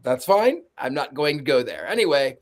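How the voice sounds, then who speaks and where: A man's voice: mid-range voice, sing-song, moderate pace. A man giving a sarcastic, joking movie recap as a podcast panelist.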